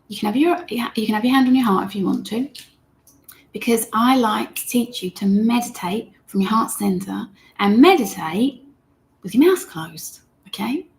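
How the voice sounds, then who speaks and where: A woman teaching meditation in a gentle, chatty way, talking straight to her viewers and reading their comments aloud. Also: on the high side, vocal fry, slight background noise. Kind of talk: live-streamed guided meditation lesson.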